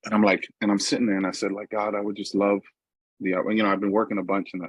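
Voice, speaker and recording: Speaking fast in a lowish, slightly rough voice with a level tone, a middle-aged man from New York shares his recovery story at a meeting. He tells it conversationally, often turning aside to the audience, and the audio is poor though free of echo.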